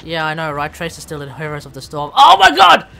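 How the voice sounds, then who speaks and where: A man's voice: on the high side, little pitch movement, fast talker, sharp tone, a little hiss or hum. A man co-hosting a game stream, chatting casually with joking, exclamatory remarks. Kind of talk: casual gameplay chat.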